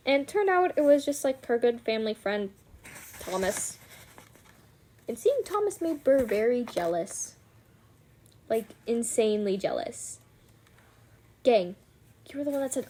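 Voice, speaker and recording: A woman's voice: on the high side, lively intonation, measured pace, long pauses, dark tone. A woman book vlogger who gives a casual, chatty plot recap, full of fillers and swearing.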